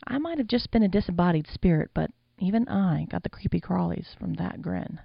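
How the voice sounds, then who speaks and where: A woman reading an audiobook in a wry, conversational way. Her voice is low and heavily gravelly. The recording is dry and a little muffled. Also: lively intonation, a little fast, dry recording. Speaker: audiobook narrator. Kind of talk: audiobook narration.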